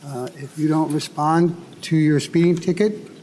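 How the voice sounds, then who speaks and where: A male legislator answering questions at a committee hearing, measured, explaining through everyday examples. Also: fairly high pitch, steady tone, warm tone. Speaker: bill author, state legislator. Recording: hearing room with long reverb and faint noise.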